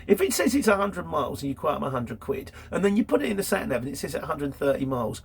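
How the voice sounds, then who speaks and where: A man's voice: on the high side, very animated, fast talker, vocal fry, few pauses, slight background noise. A man hosting a casual question-and-answer monologue, telling stories chattily and acting out other people's lines in a raised voice. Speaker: host answering viewer questions.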